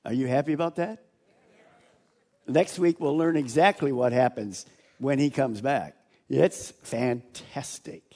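A middle-aged male pastor preaching a sermon, reading scripture aloud with swings between loud declaration and hushed asides. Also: mid-range voice, a little slow. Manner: animated preaching, voices scripture loudly then drops to hushed asides.

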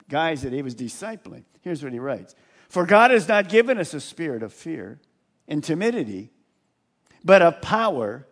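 A man preaching a sermon in an animated way, chuckling often and acting out the quotes he reads. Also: a little high. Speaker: pastor.

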